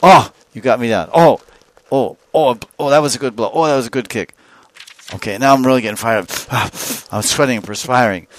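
A man voicing a boastful male warrior master who wrestles his servant, loud and panting. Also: lowish voice, brisk, hardly any pauses, no echo, close to an everyday voice. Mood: boisterous. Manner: loud, panting, playfully fierce.

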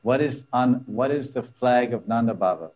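A man's voice: medium pitch, normal speed, a little mellow. A man teaching a scripture class, retelling a story with laughing asides and frequent restarts. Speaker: religious teacher.

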